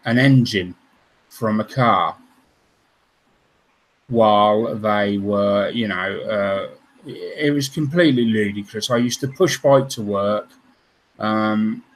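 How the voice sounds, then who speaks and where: Slow, rambling low-voiced man. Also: rough recording. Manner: rambling, hesitant with many ums and restarts. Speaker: scale modelling channel host. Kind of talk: casual livestream storytelling.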